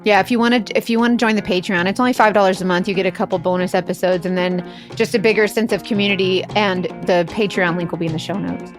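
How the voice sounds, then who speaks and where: A young woman co-hosting a podcast, chatting casually and reacting with excitement. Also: mid-range voice, fast talker, few pauses. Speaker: podcast co-host. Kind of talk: casual chat. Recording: dry close mic with faint music.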